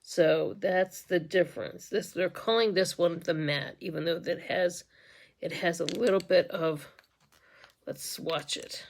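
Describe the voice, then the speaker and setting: A woman vlogging a casual makeup tutorial on her phone. She talks in a chatty, giggly way, trails off and restarts often, and drops to soft mutters while she works. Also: lowish voice, a little slow, gravelly, a little hiss or hum. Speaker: beauty vlogger and makeup sales representative. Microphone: phone camera.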